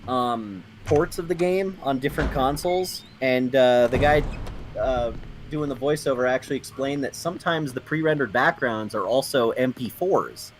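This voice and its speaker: A man's voice: medium pitch, normal speed, a little hiss or hum. A man chatting on a game stream, guiding a friend and rambling through explanations. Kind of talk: casual gaming chat.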